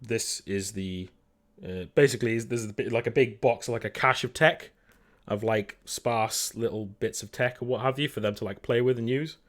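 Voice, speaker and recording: A man running a tabletop role-playing game as game master. He narrates the scene in a loose, halting way, full of fillers and restarts. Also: mid-range voice.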